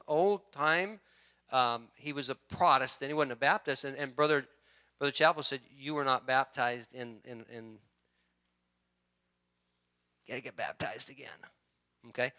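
A middle-aged man preaching as a pastor, conversational and halting, often clearing his throat and restarting sentences. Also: mid-range voice, pushed and bright. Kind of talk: sermon.

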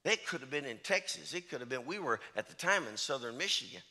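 A man's voice: medium pitch, sing-song, fast, bright, forceful tone. A middle-aged man, a traveling preacher, telling folksy stories in a sermon and often repeating "I said" and "he said". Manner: chatty, storytelling, repeats "I said" and "he said".

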